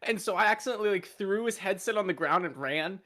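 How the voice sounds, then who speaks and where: A young man co-hosting a casual podcast, talking loudly with a projecting voice and lots of "uh" and "like". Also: high voice, expressive, quick pace. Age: young adult. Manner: loud, projecting, laughing, filler-heavy. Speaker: podcast co-host. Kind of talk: casual chat.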